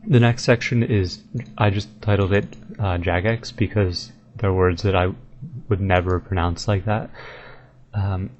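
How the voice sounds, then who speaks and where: A man with a lowish voice talks casually over gameplay, thinking aloud and slowly testing out odd names. The recording is dull and lo-fi with a faint hiss behind him. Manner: relaxed, thinking aloud, tries out words slowly. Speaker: video game guide maker.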